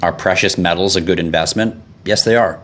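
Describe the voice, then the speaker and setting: Male livestream host, lower voice, blunt and profane, answers viewer questions off the cuff. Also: fairly quick, a little hiss or hum. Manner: blunt and profane, gets irritated and animated. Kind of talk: casual livestream chat reading comments.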